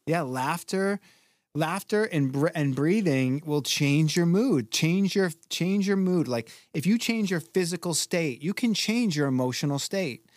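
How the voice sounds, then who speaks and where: A man's voice: fairly high pitch, a little slow, dry recording, clean studio sound. A man from Boston who teaches breathwork, talking casually and acting out his classes with energy. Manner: animated, acts out his classes loudly. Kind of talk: casual podcast conversation.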